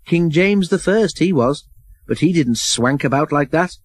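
A man voicing a calm male steam engine in a storybook reading, making dry, matter-of-fact remarks. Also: on the high side, measured pace, no room sound, voice pushed up. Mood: wry.

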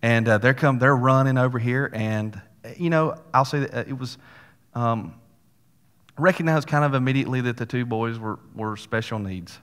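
A man's voice: mid-range voice, normal speed, fairly bright tone, clean tone. A male pastor preaching a sermon, telling a story in a folksy way with casual asides to the congregation. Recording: long hall reverb.

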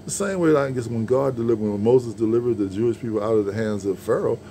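A man's voice: medium pitch, fast, dark tone, slight background noise. A man giving an informal sermon, rambling and conversational, with frequent restarts and repeated words. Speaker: preacher.

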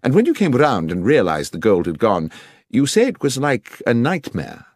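A brisk, commanding detective, read by a man in an audiobook, every word crisply placed. The voice sits a little above the reader's own and moves in lively rises and falls. The sound is close and dry. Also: mid-range voice, no echo, pitched above the performer's own voice. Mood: incisive. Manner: crisp, commanding, precise diction. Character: brisk, incisive older male detective. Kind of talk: audiobook character reading.

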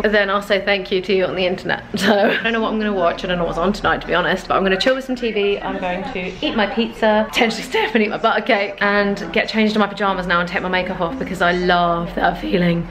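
A woman's voice: medium pitch, background noise. A young woman with a chatty, giggly manner, recapping her day for a casual travel vlog to a handheld camera in a rented room. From Britain. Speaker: vlogger.

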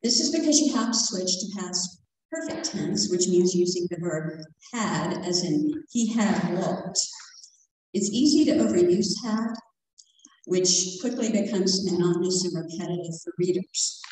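A woman giving a prepared talk at a writing conference, reading her points aloud and slowing down to spell out examples. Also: fairly low pitch, expressive, darkish tone, slight background noise. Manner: slow and deliberate when spelling out examples. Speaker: conference speaker on self-editing. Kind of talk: prepared lecture read aloud. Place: conference room. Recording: echoey hall from far off.

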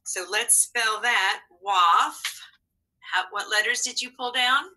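A woman's voice: a little high, takes it slowly, bright, forceful tone, rough recording. A woman teaching a phonics and spelling lesson to young children, encouraging and patient with sing-song prompts.

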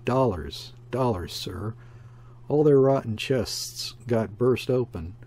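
A man reading the part of a blustering older male boatswain who shouts over a storm in a storybook reading. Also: medium pitch, animated, takes it slowly, breathy edge, heavily acted. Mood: grumbling.

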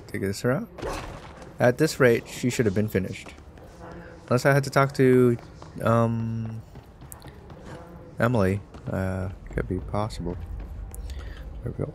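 His mid-range voice keeps a measured pace and pauses often, with slight background noise in the clip. The man streams a let's-play casually, talking to himself while he plays, cracking jokes about himself, and getting excitably riled up at the game.

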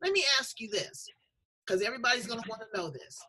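A woman's voice: fairly high pitch, big pitch swings, fast, sharp tone, slightly rough, rough recording. A middle-aged woman hosting a talk show, chatting in a candid, folksy, emphatic way. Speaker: show host. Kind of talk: casual talk-show conversation.

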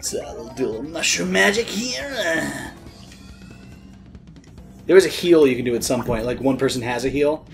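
A man's voice: mid-range voice, animated, normal speed, gravelly, long pauses. A man co-hosting a let's-play, joking casually and reading game text aloud. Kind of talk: casual gameplay commentary. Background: game music.

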